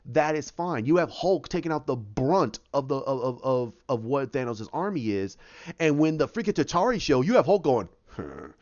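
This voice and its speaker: A man hosting a casual solo podcast, talking excitedly and rambling, acting out scenes with quick voices and sound effects. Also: mid-range voice, muffled recording. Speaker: podcast host.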